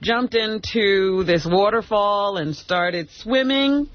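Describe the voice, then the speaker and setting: A woman's voice: mid-range voice, slow pace, no room sound. A woman co-hosting a radio show, running through news items and laughing off crude jokes with exasperation. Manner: giggly, exasperated. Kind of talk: reading and discussing news items. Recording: dull lo-fi radio broadcast.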